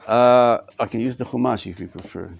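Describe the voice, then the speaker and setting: In a study hall, a middle-aged rabbi delivers a live Torah class to the students before him, repeating words as he collects his thoughts. His voice is at a typical male pitch with vocal fry, and he talks a little fast. The sound is lo-fi, with slight background noise.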